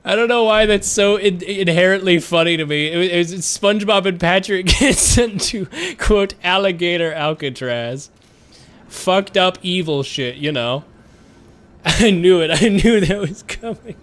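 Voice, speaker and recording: A man's voice: high voice, unhurried, a bit bright. A young man streaming live and chatting casually while gaming, rambling with stammered repeats and frequent giggles.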